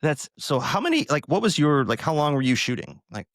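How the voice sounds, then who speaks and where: A man's voice: fairly high pitch, sing-song, brisk, a bit bright, no echo, clean studio sound. Enthusiastic male podcast host. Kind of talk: casual interview chat.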